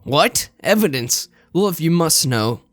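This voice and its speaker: A man's voice: a little high, animated, unhurried, fairly bright tone, no room sound, clean studio sound. A man voicing a grandiose young self-styled mad scientist, reading game dialogue aloud with theatrical, pompous declarations.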